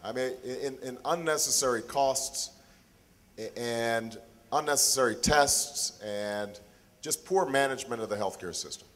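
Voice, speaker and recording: A man in his forties giving a town hall speech, measured and deliberate, pausing and restarting as he builds each point. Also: mid-range voice, a bit bright. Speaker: political candidate.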